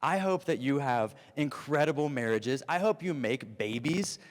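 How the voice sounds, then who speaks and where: A man in his thirties preaching an animated, storytelling youth sermon. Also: mid-range voice, normal speed. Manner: animated storytelling, acts out voices. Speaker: youth pastor. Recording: long reverb of a hall.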